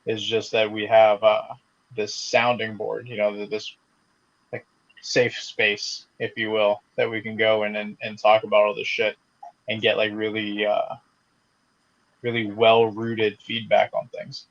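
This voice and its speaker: A man's voice: on the low side, monotone, measured pace, muffled recording. A man co-hosting a podcast, chatting casually and rambling, swearing freely and saying "like" a lot. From American South. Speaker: podcast co-host. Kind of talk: casual chat.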